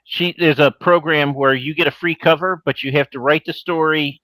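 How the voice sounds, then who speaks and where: A man's voice: a little high, steady tone, normal speed, sharp tone, no room sound, poor audio. A man, an indie author, chatting on a livestream panel, telling stories and handing out advice over a video-call mic. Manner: chatty storyteller, gives advice. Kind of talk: casual livestream panel chat.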